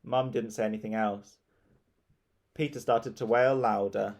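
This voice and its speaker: A man narrating a children's storybook in a lively, expressive reading. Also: on the low side, unhurried, gravelly, pauses often. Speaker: audiobook narrator.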